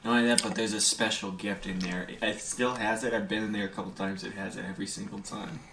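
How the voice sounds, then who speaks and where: A man's voice: lowish voice, little pitch movement, fast talker, creaky, roomy sound, background noise. A young man in his twenties chatting casually and a little hesitantly about a trip plan. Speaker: friend on a trip. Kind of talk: casual chat.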